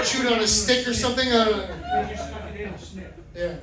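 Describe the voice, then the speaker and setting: A man doing stand-up, telling a self-mocking story with animated energy. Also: extremely high pitch, distant mic. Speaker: stand-up comedian. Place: comedy club, indoors. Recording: roomy club from afar, loud crowd. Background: audience laughter.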